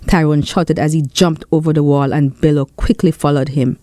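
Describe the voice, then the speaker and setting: A woman with a St. reading a children's story aloud in an expressive storytelling voice. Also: low-pitched, normal speed, few pauses, no echo. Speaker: storyteller and author. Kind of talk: storybook narration.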